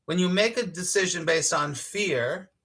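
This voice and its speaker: Man, spiritual talk show host, bright tense voice, slightly high, animated, swears now and then. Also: measured pace, husky. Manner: animated and emphatic, laughs easily, acts out inner voices; swears casually. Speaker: spiritual teacher hosting a live morning show. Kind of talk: casual spiritual talk, reading audience comments.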